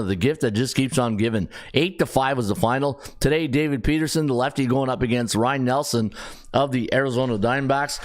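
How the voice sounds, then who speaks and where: A middle-aged man hosting a sports betting podcast, talking casually and rattling off stats with fillers. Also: medium pitch.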